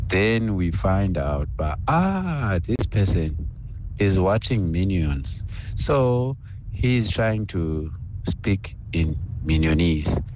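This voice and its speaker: A man calling in to a radio show, speaking haltingly about his son. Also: low-pitched, a little mellow, a little hiss or hum. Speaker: caller. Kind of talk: phone-in call.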